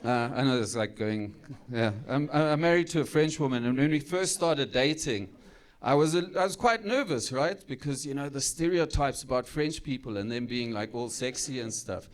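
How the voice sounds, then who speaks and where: A man's voice: medium pitch, animated, normal speed, hardly any pauses. A young man with a German-South African accent doing a chatty stand-up comedy set on a club stage. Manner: chatty, tag questions. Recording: live club with audience.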